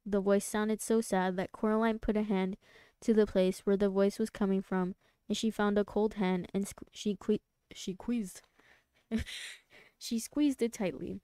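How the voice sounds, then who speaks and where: Smooth, soft-spoken woman reading aloud. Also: medium pitch, steady tone, unhurried, no echo. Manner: soft-spoken, stumbles and restarts on words. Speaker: streamer reading a book aloud. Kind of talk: live read-aloud narration.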